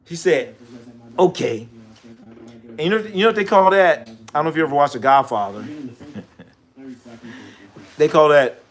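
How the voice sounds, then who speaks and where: A man hosting a casual sports talk show, telling stories with lots of repetition and acting out gruff back-and-forth dialogue. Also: fairly high pitch, moderate pace, pauses often. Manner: animated storytelling, acts out deals with gruff voices; repeats himself, restarts.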